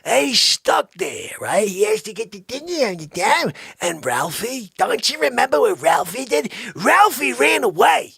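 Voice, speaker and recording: A man hosting a comedy show, telling a rambling comic story, lurching between loud outbursts and hushed asides in a raspy voice. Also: high voice, very animated, normal speed, few pauses, dry recording, studio quality. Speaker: comedy podcast host.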